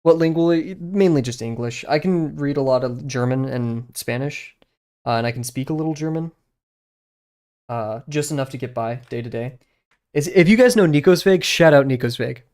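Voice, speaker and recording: A man's voice: medium pitch, moderate pace, darkish tone. A young man streaming live as he draws, chatting casually with lots of fillers and muttering to himself as he sketches. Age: young adult. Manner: rambling, many fillers, muttering while sketching. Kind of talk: casual chat while drawing.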